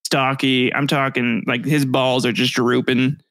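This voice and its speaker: A man's voice: medium pitch, flat delivery, fairly bright tone. Young man running a tabletop game. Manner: casual, halting, laughs at his own descriptions. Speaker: game master.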